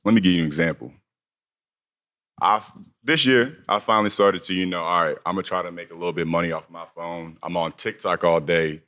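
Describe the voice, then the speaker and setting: A man's voice: deep voice, a little fast, sharp tone. A young man, a pro basketball player, talking casually on a panel to young players. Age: young adult.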